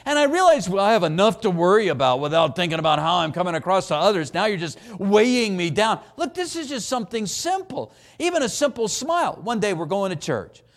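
Preaching with high energy, a middle-aged man performs different voices and leads his congregation in repeating phrases. He speaks in a high pitch, briskly, with few pauses.

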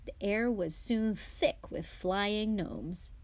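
Woman, guest reader, storybook reading, steady, clear, middle pitch. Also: slow, no echo.

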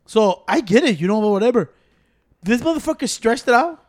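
A man's voice: extremely high pitch, animated, brisk. A man, ranting heatedly and profanely in casual podcast chat.

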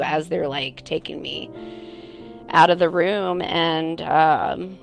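Woman interviewee, lowish voice, earnest and halting recollection, faint music underneath. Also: fairly even intonation, vocal fry. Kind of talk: personal recollection.

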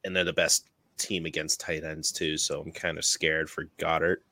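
A man hosting a casual fantasy football podcast, chatty and quick to laugh at himself. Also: very deep voice, flat delivery, sharp tone. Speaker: podcast host.

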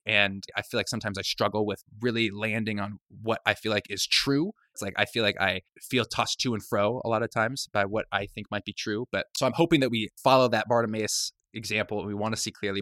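A man's voice: lowish voice, bright, forceful tone, no echo, studio quality. A man hosting a podcast, talking in an earnest, searching way with many hedges. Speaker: podcast host. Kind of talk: reflective podcast talk.

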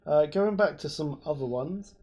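A man's voice: a little high, animated, moderate pace, dark tone, slightly rough. A man, co-hosting a podcast and explaining things at length in casual chat, with lots of fillers. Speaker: podcast co-host.

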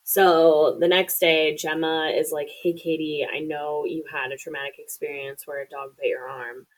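A podcast co-host with a deep, fairly flat voice talks at a normal speed, casually retelling a movie plot. She's chatty, swears freely, and acts out the characters' lines. The recording is rough, with slight background noise.

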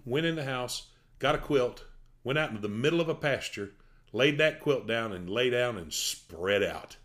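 A middle-aged man from Tennessee with a Southern accent, telling stories in casual chat. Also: medium pitch. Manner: folksy, animated storyteller.

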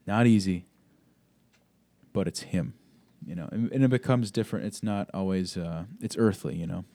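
Low, mellow young man podcasting. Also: normal speed, vocal fry, no echo. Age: young adult. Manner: reflective, rambling with fillers. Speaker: podcast co-host. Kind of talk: casual chat.

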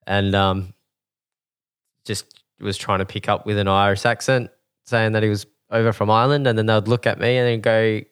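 Smooth, low-voiced co-host. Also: male voice, flat delivery, no room sound. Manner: dry, laid-back, quick with quips. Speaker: podcast co-host. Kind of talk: casual podcast chat.

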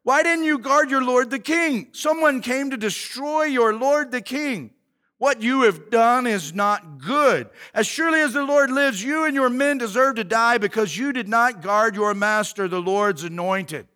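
A man voicing an indignant young male warrior who calls out loudly and scolds. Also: high voice, lively intonation, slow pace, big-room sound, exaggerated voice.

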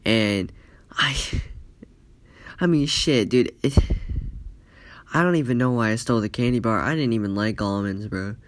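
A man's voice: medium pitch, moderate pace, pauses often. A man telling a casual, profane story in rambling speech full of "like" fillers.

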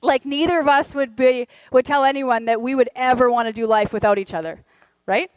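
A middle-aged woman preaching a sermon from a church stage, candid and humorous, with quieter earnest stretches. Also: high voice, a little fast, clear, resonant tone, no echo, poor audio. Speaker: pastor.

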